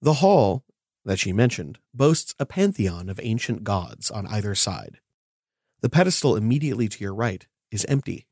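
A man's voice: fairly low pitch, sing-song, moderate pace, a little mellow, dry recording, studio quality. A man narrating a tabletop game as game master, describing scenes in detail.

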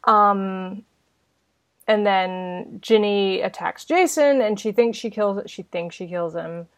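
Woman podcast co-host, loose chatty delivery, middle pitch, dry audio. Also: slow, no echo. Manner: rambling, filler-heavy, swears casually. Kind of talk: casual film discussion.

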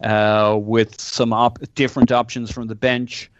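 Male guest, smooth resonant voice, relaxed, muffled lo-fi line. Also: medium pitch, a little slow, no room sound. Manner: relaxed, speculative, some stammering. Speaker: podcast guest. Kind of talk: casual chat.

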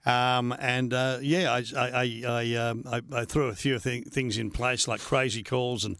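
A man's voice: medium pitch, fairly even intonation, unhurried, fairly bright tone, clear, resonant tone, no room sound, clean studio sound. An older Australian man and former radio host, telling stories in a chatty way with laughs and many restarts. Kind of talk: casual storytelling interview.

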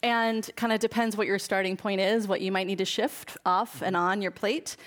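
A woman's voice: mid-range voice, fairly even intonation, normal speed. A woman guest on a talk show, giving earnest, explanatory answers with frequent fillers. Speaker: guest, food advocate and author. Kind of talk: conversational interview answers.

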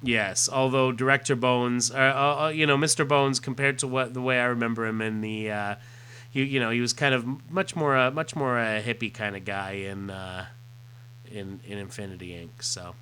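A man's voice: mid-range voice, fairly even intonation, pushed and bright, clear, resonant tone. A man co-hosting a casual chat, talking hesitantly with many fillers. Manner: hesitant, halting, reacts with short remarks. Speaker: podcast co-host.

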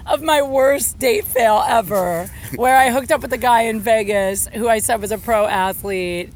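A woman's voice: a little high, unhurried. A woman in her thirties hosting a podcast, telling a personal story in a candid, giggly, casual way. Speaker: podcast host.

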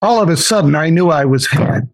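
An older man telling personal stories as a guest in an interview, animated and often acting out the voices of others. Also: on the high side, brisk, no room sound, rough recording. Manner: animated, acts out quoted voices, many restarts. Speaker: guest investor. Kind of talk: personal storytelling in a podcast interview.

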